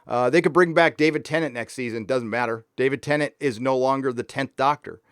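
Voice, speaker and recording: A man hosting a live stream talks casually in a middle-range voice, ranting and swearing between shout-outs to viewers. The sound is dry and close, with no room echo. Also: medium pitch, fairly quick, smooth. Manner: ranting and profane, reading viewer messages aloud. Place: warm indoor room.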